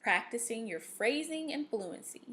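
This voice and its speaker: A woman teaches a recorded reading lesson in an unhurried, patient way. Her voice sits a little high for a woman. She walks students through the steps, checks in often with "okay?" and fills pauses with "um.". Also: lively intonation, fairly bright tone. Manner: patient, instructive, with frequent fillers and "okay?" checks.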